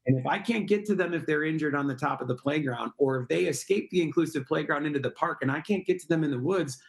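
A man's voice: fairly high pitch, fast talker, vocal fry. A middle-aged man, interviewed as a guest, explains his project earnestly with rhetorical questions. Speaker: guest, park project founder. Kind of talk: interview answers.

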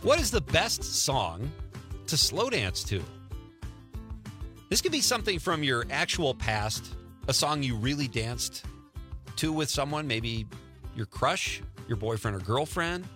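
A man's voice: mid-range voice, big pitch swings, unhurried, pauses often, sharp tone, soft background music. A man in his fifties from Wisconsin hosting a casual radio talk show, chatty and laughing often into a studio mic.

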